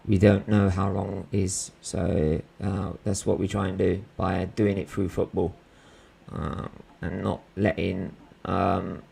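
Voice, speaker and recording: A man's voice: low-pitched, gravelly, mellow, slightly rough. A man hosting a live football watchalong stream, chatting casually and rambling with slang and fillers.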